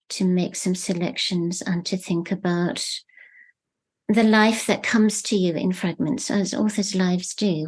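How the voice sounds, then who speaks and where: A woman novelist talking reflectively in an interview, measured and searching for words. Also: on the low side, darkish tone. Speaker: novelist guest.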